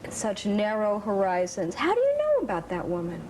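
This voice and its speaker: A woman interviewer asking measured, probing questions. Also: mid-range voice, wildly swooping pitch, darkish tone, slight background noise, rough recording.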